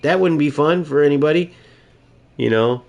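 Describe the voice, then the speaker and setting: A man's voice: on the high side, moderate pace, creaky, darkish tone. Exasperated man ranting about a game. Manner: exasperated, mocking rant. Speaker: gaming YouTuber. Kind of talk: ranting gameplay commentary.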